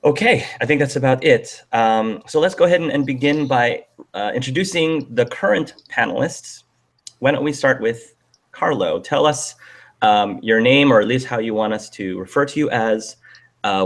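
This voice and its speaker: A man hosting a casual online video panel, talking in a friendly way with plenty of "um"s. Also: mid-range voice. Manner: friendly, with frequent fillers. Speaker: host.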